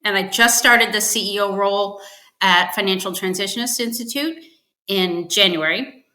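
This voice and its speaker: A woman's voice: mid-range voice, normal speed, bright, forceful tone, reverberant. A woman guest on a podcast, telling her career story in casual chat and acting out the quotes. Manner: chatty storyteller, acts out quotes with laughs. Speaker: podcast guest, finance executive.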